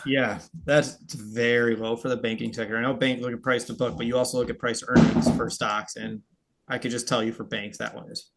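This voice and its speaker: Dude in the middle of the usual range talking stock numbers, relaxed, laughs a lot. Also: male voice, mid-range voice, a little fast, background noise. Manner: explains steadily, laughs easily. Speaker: co-host of a dividend investing show. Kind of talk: casual finance chat.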